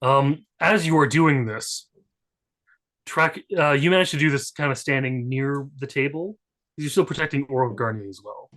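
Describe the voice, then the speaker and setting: A man's voice: medium pitch, normal speed, fairly bright tone. Man running a tabletop game. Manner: laid-back, joking, with fillers. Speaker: game master.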